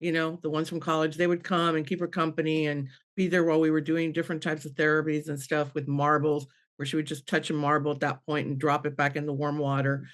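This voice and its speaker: Speaking quickly and in a level tone with hardly any pauses, a middle-aged guest medium earnestly shares an emotional story from her life. Her voice climbs when she acts out dialogue and turns low and soft when she's moved.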